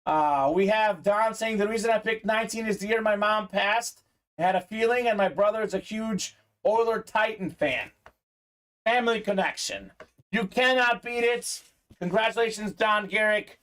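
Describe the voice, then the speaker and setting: Chatty upbeat livestream break host. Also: male voice, sits high, moderate pace, fairly bright tone. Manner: upbeat, chatty, many "uh" fillers, reads viewer comments aloud. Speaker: sports memorabilia break host. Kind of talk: live-stream card break commentary.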